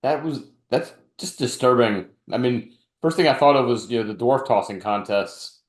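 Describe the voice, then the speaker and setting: A man's voice: mid-range voice, normal speed. A man co-hosting a podcast, chatting casually with short, dry quips. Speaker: podcast co-host. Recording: echoey room.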